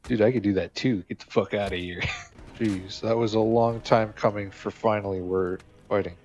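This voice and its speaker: A man's voice: lowish voice, steady tone, normal speed, a little mellow, lo-fi sound. A man giving casual, joking gameplay commentary, swearing and talking back to game characters. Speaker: gamer.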